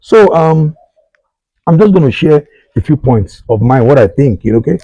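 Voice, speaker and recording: A middle-aged Nigerian man hosts a talk show, delivering an earnest advice monologue straight to his listeners and repeating his points. His voice is fairly high, expressive, and dark in tone, at normal speed, with dull audio and no echo.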